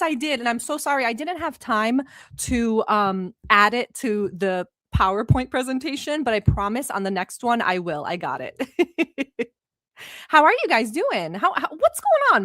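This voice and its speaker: A woman's voice: a little high, a bit bright, no echo, studio quality. A woman from the Middle East, whose first language is not English, hosting a casual livestream from home. She is giddy and silly, reads chat comments aloud, and swears freely. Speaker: livestream host.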